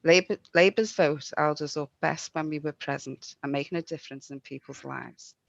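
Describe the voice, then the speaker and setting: A woman's voice: sits low, normal speed, gravelly, dry recording. A woman giving an earnest, rallying campaign speech over a video call. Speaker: mayoral candidate. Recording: dry, dull lo-fi sound.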